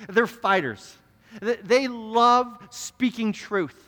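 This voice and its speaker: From a church stage, a young pastor tells a story during his sermon, speaking slowly in a high, bright, forceful voice. He is earnest and animated and often doubles back on his words, and the church sanctuary adds a long reverb.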